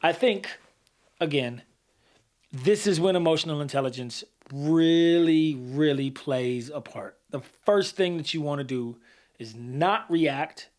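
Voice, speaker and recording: Guy co-hosting a chat podcast, kinda high voice, animated, swears a lot. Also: a little slow. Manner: animated, swears freely, acts out heated examples. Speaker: podcast co-host. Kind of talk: casual conversational podcast talk.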